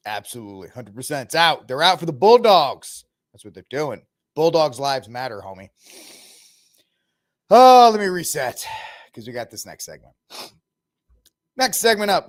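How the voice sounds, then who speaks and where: A man hosting a casual news commentary podcast, mocking and ranting in slangy talk and laughing often. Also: fairly high pitch. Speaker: podcast host.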